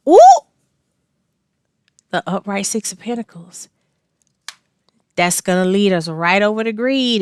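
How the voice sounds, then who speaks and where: A woman's voice: mid-range voice, fairly bright tone, smooth, no room sound, clean studio sound. Blunt, laughing woman tarot reader. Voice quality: blunt and slangy, laughs often, cusses freely. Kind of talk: casual tarot reading.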